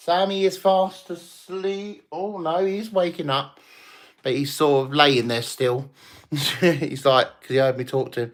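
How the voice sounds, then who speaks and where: This is a chatty, slightly tipsy man talking to his viewers on a late-night livestream. His voice sits a bit on the high side for a man. He rambles warmly between topics, with frequent swearing and laughter. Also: fairly even intonation, a little slow. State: tipsy from drinking. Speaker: livestream host.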